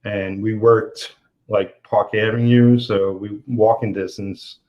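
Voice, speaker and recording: Working away on his channel, a comic artist talks in a lowish, slightly mellow voice with flat delivery and a slow pace. He spins unhurried stories packed with fillers and laughter, over muffled lo-fi call audio.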